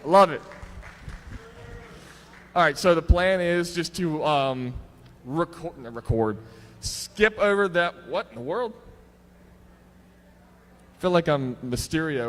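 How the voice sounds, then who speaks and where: Brief: young male panel host, slightly high voice, chatty, amplified in a reverberant convention hall with faint murmur. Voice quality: chatty, self-deprecating, laughs often. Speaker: panel host running voice acting auditions. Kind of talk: casual convention panel talk. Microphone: handheld microphone. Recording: echoey hall with faint crowd ambience.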